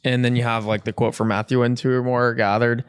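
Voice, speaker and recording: A man hosting a podcast, talking in a relaxed, reflective, easygoing way. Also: mid-range voice, fast, clear, resonant tone. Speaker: podcast host. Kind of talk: casual podcast chat.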